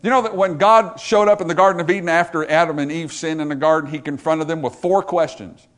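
A man's voice: a little high, fast talker, fairly bright tone. A man preaching a sermon, emphatic, rising and dropping his voice for effect. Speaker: pastor.

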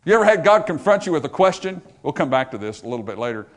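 Male pastor, slightly high voice, emphatic sermon delivery with big swings in loudness. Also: sing-song, very fast. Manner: emphatic preaching, rising and dropping for effect.

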